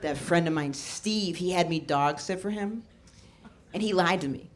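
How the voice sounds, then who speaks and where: A woman comedian performing a stand-up set, telling stories in a deadpan way and acting out the people in them. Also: fairly low pitch, normal speed, slight background noise. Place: comedy show before a laughing audience. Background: audience laughter.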